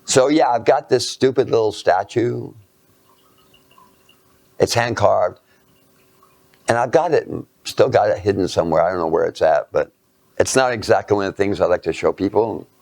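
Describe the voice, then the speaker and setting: A man tells a story as part of a lecture. His voice is low and gravelly, and the sound is dry and close. He talks in a halting, self-mocking way and slips into hushed asides. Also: dry recording.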